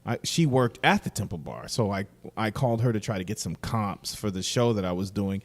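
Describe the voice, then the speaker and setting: A man, a guest musician, telling stories in a casual podcast chat, halting and soft-spoken. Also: lowish voice, animated.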